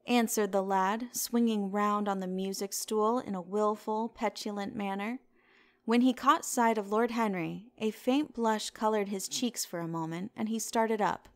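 A woman narrating an audiobook in a steady, measured reading style. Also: mid-range voice, no room sound. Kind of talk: scripted narration.

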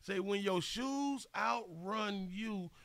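A man's voice: high voice, slow, vocal fry, a bit bright, no echo. A man hosting a commentary show, reacting to a news clip with mocking, slangy talk and swearing.

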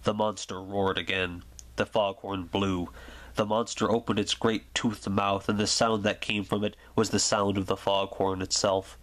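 A man with a low voice reads a story aloud in a soft, soothing ASMR style. His delivery is slow and gentle, meant to lull a listener to sleep. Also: level tone. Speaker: reader.

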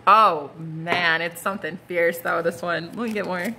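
A woman's voice: lowish voice, steady tone, moderate pace, background noise. A woman giving a casual, gushing tarot reading, full of slang and asides. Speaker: tarot card reader.

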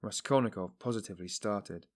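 A man narrating a novel as an audiobook in a measured, subdued way. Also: on the low side. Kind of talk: scripted narration.

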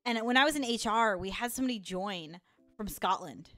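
A woman's voice: mid-range voice, lively intonation, a little fast, a bit bright, no room sound. A young woman with a Chicago accent, casually chatting on a live stream, laughing often and reacting to chat. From Chicago, USA.

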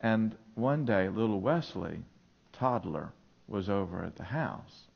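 A man's voice: on the low side, expressive, slow pace, creaky. A male pastor preaching a sermon in a church, telling stories in an earnest way. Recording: dull lo-fi sermon recording.

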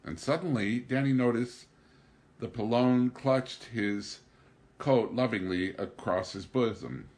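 A man reading a novel aloud as an audiobook narrator, narrating evenly and lifting his voice for the dialogue. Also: unhurried. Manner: raises pitch and volume for dialogue, narrates evenly. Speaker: audiobook reader. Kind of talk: scripted narration.

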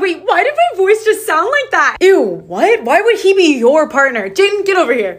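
A woman's voice: high voice, very animated, brisk, few pauses. A woman acting out a classroom comedy sketch in a mocking, girly voice.

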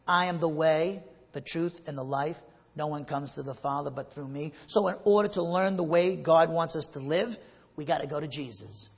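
A husky, slightly high-voiced man delivers an earnest sermon, building to emphatic peaks and rhetorical questions. His voice rings out with a long trailing reverb through what sounds like a church sanctuary. The recording is somewhat muffled. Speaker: pastor.

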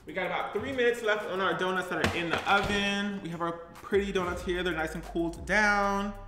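A man's voice: high voice, brisk. Chatty male baking vlogger who talks straight to his viewers, recorded in an echoey kitchen. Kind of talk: casual cooking chat. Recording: roomy echo, faint music.

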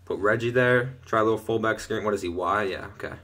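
A young man casually commenting on his own gameplay from his bedroom, chatting through each play and getting loud and excited when things go well. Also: lowish voice, fast. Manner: excitable, shouts and laughs at big plays. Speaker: gaming video host. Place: bedroom at home.

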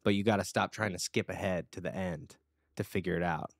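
A man's voice: low-pitched, steady tone, brisk, creaky, dry recording, studio quality. A man co-hosting a podcast, chatting casually and earnestly, rambling with lots of fillers. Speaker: podcast co-host. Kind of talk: casual chat.

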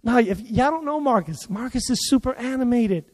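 A man preaching to his congregation with a very high-pitched voice. He tells his story in an animated way, acting out the voices of the people in it. The sound carries a long reverb from a large hall. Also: moderate pace. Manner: animated, acts out quoted voices. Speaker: pastor. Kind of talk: sermon with storytelling. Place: church service.

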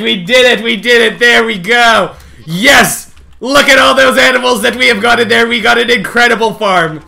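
A man streaming a game live, talking excitedly to his chat and coaxing the animals along, often shouting and laughing. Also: very high-pitched, moderate pace, creaky. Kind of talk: excited live gameplay commentary.

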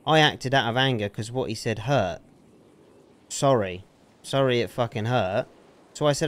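A man's voice: medium pitch, moderate pace, pauses often. A man in an in-character roleplay argument, aggrieved and defensive, swearing often. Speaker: roleplay streamer.

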